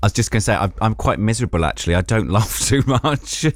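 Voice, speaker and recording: A man's voice: on the low side, expressive, fast talker, dry recording, studio quality. A stand-up comedian telling a casual anecdote, self-deprecating and laughing as he talks.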